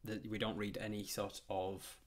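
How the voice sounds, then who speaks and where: A man's voice: on the low side, little pitch movement, moderate pace. A man narrating a tabletop game as game master, rambling with frequent fillers and restarts.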